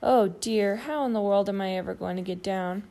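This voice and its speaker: At normal speed and with a mellow mid-range voice, a woman gives a lightly acted performance as a cheerful giant bird with a childlike nature in a read-aloud story. She's eager and wondering, with occasional plaintive moments.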